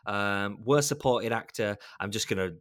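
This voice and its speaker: A man's voice: lowish voice, moderate pace, fairly bright tone, no echo, clean studio sound. A man co-hosting a film podcast, reading out award nominees with wry asides and chuckles. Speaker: podcast co-host. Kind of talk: casual film chat.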